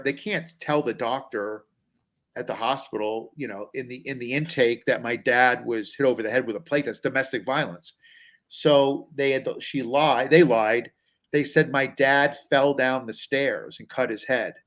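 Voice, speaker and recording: A man's voice: mid-range voice, normal speed, fairly bright tone. Rambling self-deprecating comic man. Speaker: comedian guest. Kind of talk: casual comic storytelling.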